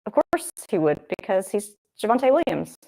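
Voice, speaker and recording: A woman's voice: mid-range voice, big pitch swings, moderate pace, vocal fry, mellow. A young woman hosting a livestream, chatting casually and thinking aloud as she comments on a football game. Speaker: livestream host.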